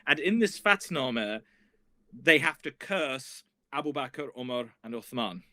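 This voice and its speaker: A man who is a guest historian, telling a story in a casual, animated way that rambles with many restarts. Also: mid-range voice, measured pace, dry recording.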